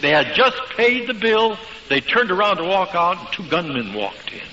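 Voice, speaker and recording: A man preaching a sermon, telling stories emphatically with dramatic pauses. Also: high-pitched, very animated, bright, forceful tone, slight background noise. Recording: dull lo-fi recording with long hall reverb.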